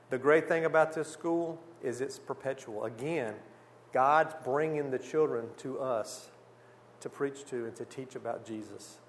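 A man giving a church mission presentation with slides, a lively storyteller who acts out the conversations he describes. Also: fairly high pitch. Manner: lively storyteller, acts out dialogue, exclaims "whew". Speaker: missionary speaker.

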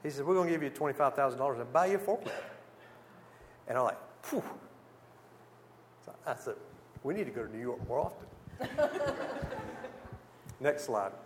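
Man, church mission talk, lively storytelling, acted-out dialogue, mid-range voice, faint background noise. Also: medium pitch, brisk, long pauses. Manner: lively storyteller, acts out dialogue, exclaims "whew". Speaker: missionary speaker. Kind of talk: church mission presentation with slides.

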